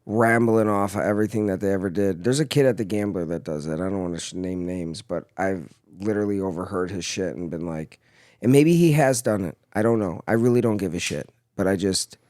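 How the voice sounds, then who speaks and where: A young man, a former Marine, casually telling profane stories on a podcast in an animated way. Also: low-pitched, a little fast, dry recording, clean studio sound. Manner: profane storytelling, animated in anecdotes. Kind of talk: casual chat.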